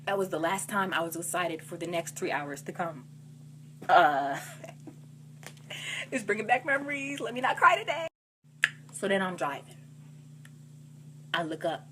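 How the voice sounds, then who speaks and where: A young woman vlogger telling a personal story in a casual, animated way, acting out the people she quotes. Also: a little fast, long pauses, slight background noise. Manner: animated, acts out quotes with big pitch jumps and laughs.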